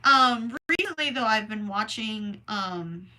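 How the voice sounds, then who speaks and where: Slow, rambling young woman host. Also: on the high side, animated, slight background noise. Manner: slow, rambling and self-deprecating, with soft asides. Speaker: crochet livestream host. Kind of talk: casual livestream chat, reading chat messages.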